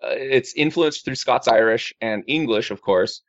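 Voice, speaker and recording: A man's voice: medium pitch, normal speed, no room sound. A man chatting casually with friends, rambling through his news with many restarts and fillers. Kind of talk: casual group chat. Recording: dull lo-fi recording.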